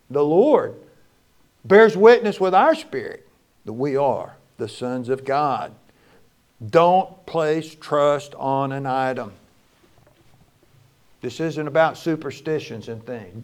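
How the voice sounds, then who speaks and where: A male pastor preaching a sermon, moving between loud exclamations and quiet, low lines.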